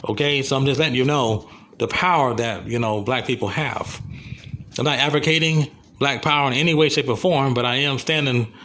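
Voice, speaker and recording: A man's voice: medium pitch, brisk, a bit bright, a little hiss or hum. An American man delivering a rambling, impassioned video commentary, repeating himself as he goes. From USA. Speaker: vlogger.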